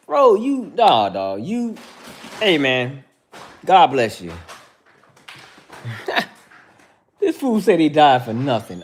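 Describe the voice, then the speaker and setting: Slow and pausing often, a man hosting a livestream lets his slightly high voice swoop wildly in pitch. He calls out viewers by name and keeps saying "bro" as he gets heated and preachy in casual conversation.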